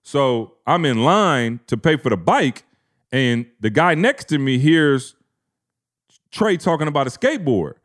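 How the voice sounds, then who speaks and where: A man's voice: medium pitch, big pitch swings, a little slow. A man in his thirties, a podcast co-host, telling a family story in casual slang and acting out the quotes.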